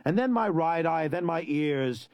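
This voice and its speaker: A man voicing a weakened young hero who lists cold threats in a soft, measured way. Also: fairly high pitch, animated, clean tone, no echo, dull audio, voice pushed up. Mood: menacing. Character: weak but menacing young hero, cold and mocking.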